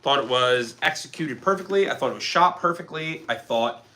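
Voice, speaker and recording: Speaking at a moderate pace in a mid-range voice, this Philly-accented livestream host from Philadelphia sounds animated, pushed, and bright. He chats in a loose, rambling way while reading viewer comments aloud.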